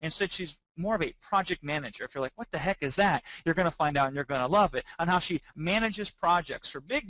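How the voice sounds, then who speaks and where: A man's voice: a little high, animated, quick pace, few pauses, fairly bright tone, no room sound, rough recording. A man, a company CEO, introducing a webinar in a jokey, salesy way.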